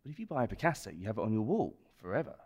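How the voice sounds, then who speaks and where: A man explaining wine in a relaxed, descriptive way during a casual podcast chat. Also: fairly low pitch, rapid-fire. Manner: expansive, descriptive about wine. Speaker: wine expert guest.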